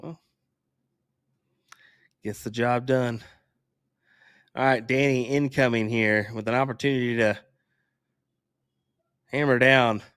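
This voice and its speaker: Brief: male co-caller for darts, mid pitch, easygoing and wry, close dry recording. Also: fairly even intonation, slow, long pauses, a bit bright, clear, resonant tone, dry recording. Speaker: darts co-commentator. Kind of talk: casual live commentary.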